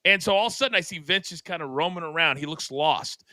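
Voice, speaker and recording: A man's voice: a little high, fast talker, pushed and bright, dry recording. An older man, a co-host of a talk show, telling a long story with dramatic flair and acted-out sound effects. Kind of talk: animated storytelling.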